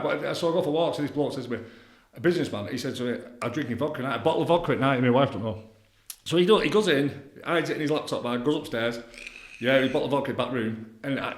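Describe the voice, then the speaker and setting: A middle-aged man, a counsellor talking bluntly in a casual podcast interview, repeating himself and leaning on tag questions. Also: medium pitch. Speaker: addiction counsellor guest. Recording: roomy echoey room.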